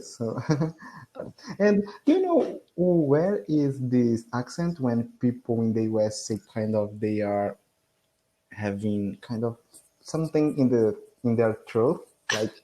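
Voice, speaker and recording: A man's voice: medium pitch, mellow, poor audio. A man from Brazil with a Brazilian Portuguese accent, a student who eagerly asks questions and laughs often on a video call. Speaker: English student.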